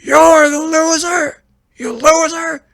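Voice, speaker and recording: A man putting on a very high-pitched, squeaky voice as a rambling old male politician who stammers and repeats himself. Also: fairly even intonation, moderate pace, bright, forceful tone, full character voice. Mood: insulting. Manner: stammering, repeats greetings and fillers.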